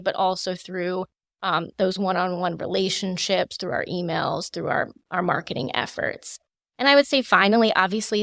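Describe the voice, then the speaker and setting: A woman in her thirties, a fashion designer, answering interview questions in a measured, polished way with frequent fillers, close to the mic. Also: mid-range voice, fairly bright tone, no echo. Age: 30s. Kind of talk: podcast interview.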